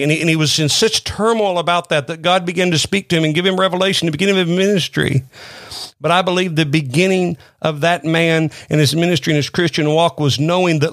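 A man's voice: a little high, a bit bright, dry recording. Man, middle-aged, pastor, sermon, earnest, repeats himself, dry recording. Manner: earnest, repeats words and restarts often. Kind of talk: sermon-style teaching.

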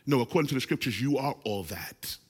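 A man in his forties preaching a lively sermon, calling on the congregation to shout responses. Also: medium pitch, fast talker, husky, long reverb tail. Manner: animated, calls for congregation responses. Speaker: pastor.

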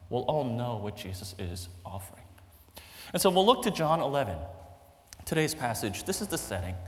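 A man preaching a sermon as pastor, conversational and animated, often checking in with "right?" and "okay?". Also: mid-range voice, long reverb tail.

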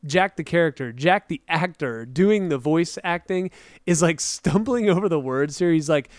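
A man's voice: a little high, expressive, normal speed, no room sound, studio quality. A man co-hosting a podcast in casual chat, rambling and laughing often as he retells scenes and acts out lines. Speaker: podcast co-host.

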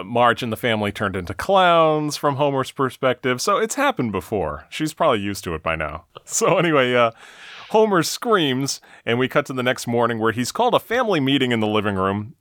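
A man's voice: medium pitch, sing-song, fairly quick, fairly bright tone, no echo. Man recapping a cartoon episode, dry sound. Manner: storytelling recap with light laughs. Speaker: podcast host recapping an episode. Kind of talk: casual chat, episode recap.

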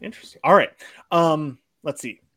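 A man co-hosting a podcast, chatting in a relaxed way and steering the conversation around the group. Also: a little high, moderate pace. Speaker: podcast co-host. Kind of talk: casual chat.

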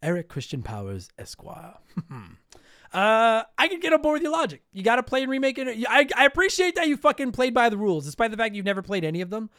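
High, clear-voiced profane podcast host. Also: male voice, very animated, a bit bright, no room sound. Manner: profane, sarcastic, quick to laugh. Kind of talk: casual podcast talk reading listener comments.

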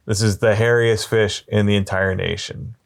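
A man telling long shaggy-dog jokes in a deadpan way, slowing down and pausing as he builds them up. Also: fairly low pitch, gravelly. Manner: deadpan, drawn-out storytelling with slow pauses. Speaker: storyteller.

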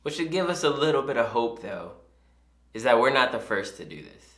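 An impassioned male pastor delivers a sermon, his voice swinging widely in pitch as he hammers home repeated phrases. The sound carries the echo of a large church sanctuary, with the reverb hanging on every line. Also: very animated, fairly quick, fairly bright tone. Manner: impassioned, emphatic and repetitive.

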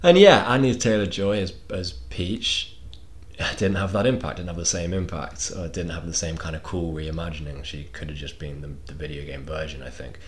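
A man's voice: low-pitched, normal speed. A man chatting casually as co-host, dropping wry joking asides. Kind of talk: casual chat.

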